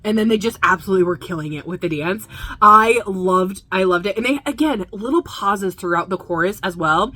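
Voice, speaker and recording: A woman's voice: medium pitch, bright, forceful tone, no room sound. A woman hosting a music video reaction, talking casually and gushing with enthusiasm, full of fillers.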